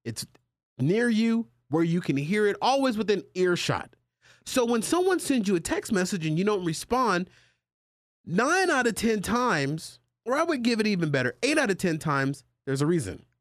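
A male podcast host in casual chat, animated and joking with his co-hosts as he reads out a listener letter. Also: sits high, moderate pace, dry recording, clean studio sound. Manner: animated, jokey banter with co-hosts.

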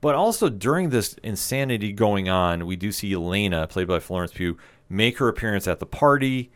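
A man's voice: on the low side, lively intonation, a little fast, clean tone. A man co-hosting a podcast, retelling an episode in casual, enthusiastic chat with lots of fillers. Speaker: podcast co-host.

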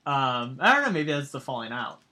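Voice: medium pitch, very animated, a little fast, a crowd in the background. A podcast co-host chatting casually about a movie, rambling and retelling scenes with plenty of fillers.

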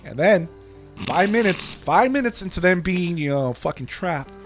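This co-host's voice sits high, moving at a moderate pace over background music. Chatting casually on the podcast, he recounts a story full of profanity, performing the quoted lines with energy.

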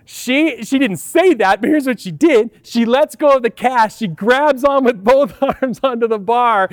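A man in his fifties delivers a sermon as a pastor, telling a personal story in a chatty, conversational way. His voice sits very high for a man. The sound is dry and close, with no room echo. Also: a little slow, hardly any pauses. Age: 50s. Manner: storytelling, conversational, addresses audience as "you guys".

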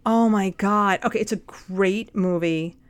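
A woman co-hosting a podcast, chatting casually and telling animated stories. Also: mid-range voice, measured pace. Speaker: podcast co-host. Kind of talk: casual chat.

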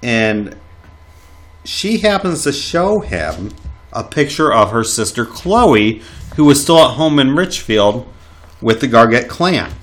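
A man co-hosting a casual history podcast, telling a local story with animated delivery and frequent laughs. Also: medium pitch, slow.

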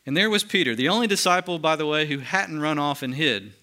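Bright-voiced preacher, hushed to animated. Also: male voice, on the high side. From United States. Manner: swings between lively emphasis and hushed, slow solemn passages. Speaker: pastor. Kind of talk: sermon.

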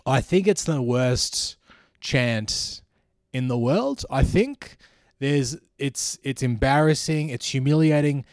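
An Australian man delivering a sardonic, ranting comedy monologue as a podcast host. His voice sits at an ordinary middle pitch, and the recording is dry and close with no room echo. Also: animated, takes it slowly.

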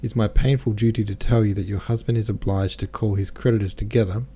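A man voicing an aging, worried merchant father who speaks to his daughter gravely and gently. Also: fairly low pitch, steady tone, fast. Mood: grave, gentle.

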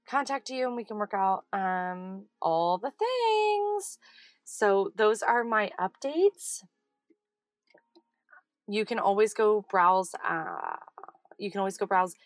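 A woman hosts a podcast from her parked car, speaking into a handheld mic in a mid-range, slightly bright voice with no echo. She chats casually, pokes fun at herself and laughs easily.

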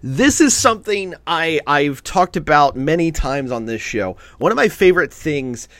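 A man co-hosting a podcast in casual chat, talking with excitement and swearing freely. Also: fairly high pitch, moderate pace, no echo. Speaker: podcast co-host.

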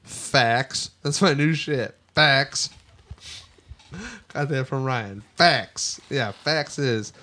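A man's voice: mid-range voice, drawn-out words. A man co-hosting a casual sports podcast, rambling and swearing a lot as he gets worked up. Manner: profane, rambling, excitable. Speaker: podcast co-host.

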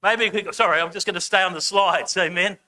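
A man preaching a sermon as a guest preacher, slow and emphatic, having the congregation repeat words after him. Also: high voice, steady tone, sharp tone. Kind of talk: sermon with congregation call-and-response. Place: church service, speaking over slides.

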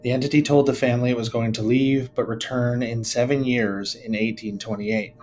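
A man's voice: mid-range voice, fairly even intonation, normal speed, a little mellow, faint music behind, rough recording. Man reading out story notes on a podcast. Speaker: podcast co-host.

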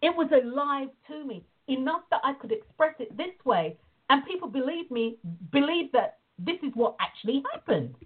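A woman telling a story and teaching in casual talk on a call, animated, acting out the voices in her stories. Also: high voice, normal speed. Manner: animated storytelling, acts out quoted dialogue. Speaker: prayer and visualization teacher. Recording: tinny phone-like line.

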